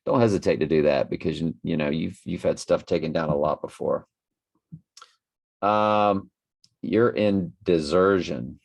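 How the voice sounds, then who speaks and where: Tired gravelly low-voiced man. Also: normal speed. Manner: rambling, musing, trails off with fillers. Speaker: livestream host reading viewer comments. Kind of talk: casual rambling livestream chat.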